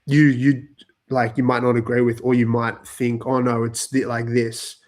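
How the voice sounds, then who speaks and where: A man's voice: mid-range voice, little pitch movement, moderate pace. A man co-hosting a podcast in casual chat, meandering through thoughts with many fillers and trailing off mid-sentence. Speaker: podcast co-host.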